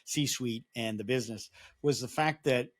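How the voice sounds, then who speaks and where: A man guesting on a podcast interview with a voice of ordinary middle pitch. He talks through his points at length, telling them like a story in a relaxed, conversational way. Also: unhurried. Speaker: podcast guest, security awareness advocate.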